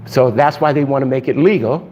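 A male pastor preaching a sermon in an animated way, laughing often and shouting for emphasis. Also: mid-range voice, brisk, lo-fi sound, slight background noise.

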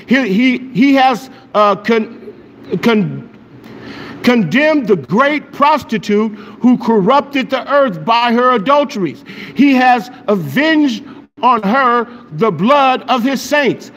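A man preaching a sermon, excited and emphatic, often asking his listeners questions. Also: extremely high pitch, takes it slowly. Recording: long echo of a hall, faint noise.

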